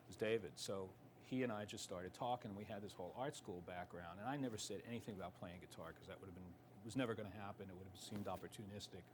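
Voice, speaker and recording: A middle-aged man, a guitarist, telling a rambling anecdote in an interview. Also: fairly low pitch. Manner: rambling, with restarts and asides. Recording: noisy ambient background.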